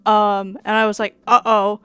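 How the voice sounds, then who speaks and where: A woman's voice: mid-range voice, normal speed, dry recording, soft background music. A young woman with a Minnesotan accent, chatting casually on a gaming stream, rambling and laughing with many fillers and casual swearing. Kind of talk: casual live-stream chat while gaming.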